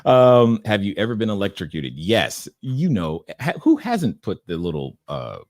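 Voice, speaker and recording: A man's voice: on the low side, unhurried, no room sound, studio quality. A middle-aged man hosting a casual livestream, reading viewer questions aloud and riffing on them with easy chuckles. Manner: relaxed, chuckling, reads questions aloud and riffs. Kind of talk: casual live-stream chat.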